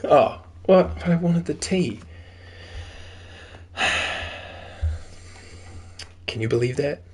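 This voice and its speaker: A man's voice: fairly high pitch, expressive, slow pace, a little mellow, breathy edge. Joking young man reading a game. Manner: jokey, reacts aloud and reads dialogue. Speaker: gameplay commentator. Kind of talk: casual game commentary and reading aloud.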